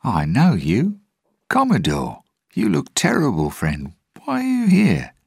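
A man's voice: medium pitch, huge pitch swings, measured pace, gravelly, slightly rough, no room sound, clean studio sound, voice pushed up, exaggerated voice. A man reading aloud, voicing a sly, teasing male pirate captain.

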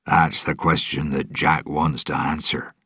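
A grave old sailor with fear in his words, as a male narrator plays him. The voice is very deep and husky, slow and dry. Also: flat delivery, dry recording, full character voice. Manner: grave, sometimes hushed. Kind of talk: audiobook storytelling.

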